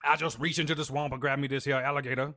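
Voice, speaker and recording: A man's voice: medium pitch, little pitch movement, rapid-fire, bright, forceful tone, lightly acted. A man voicing a tough Cajun swamp man who grabs alligators barehanded, in a mock Cajun accent that drawls and boasts. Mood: boastful. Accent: attempted Cajun.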